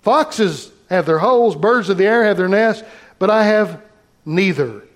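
A man's voice: sits high, expressive, a little slow. A man pastor preaching a sermon, reading scripture aloud and talking directly to his congregation.

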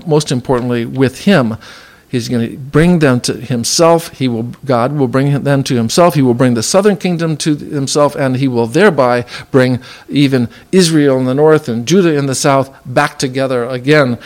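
A male preacher explaining scripture in a loose, unscripted sermon. He stops and restarts often, leans on fillers, then slows right down to stretch out the words he wants to stress. His voice sits at an ordinary middle pitch for a man. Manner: halting, many fillers and restarts, stretches key words slowly. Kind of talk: sermon, Bible teaching.

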